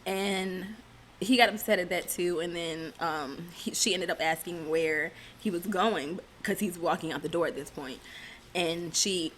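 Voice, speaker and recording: A woman's voice: fairly low pitch, a little slow, a bit bright, slight background noise. A woman casually recapping a reality TV episode in a chatty way, dropping sarcastic asides.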